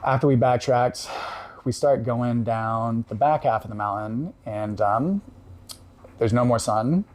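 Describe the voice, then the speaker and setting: A man calmly recounting a personal story in casual conversation, reflective, with frequent pauses and fillers. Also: medium pitch. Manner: reflective, halting with many fillers. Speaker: podcast guest.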